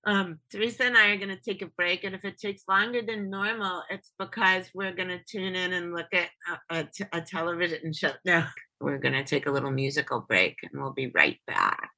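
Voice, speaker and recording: A woman host chats on her podcast in a rambling, excitable way and swears freely. Her voice is very low for a woman, yet bright and forceful. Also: brisk, hardly any pauses. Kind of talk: casual podcast chat.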